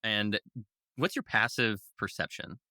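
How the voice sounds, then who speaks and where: A man's voice: lowish voice, unhurried, sharp tone, no echo. A man narrating as game master of a tabletop role-playing game, in easygoing, descriptive speech full of fillers.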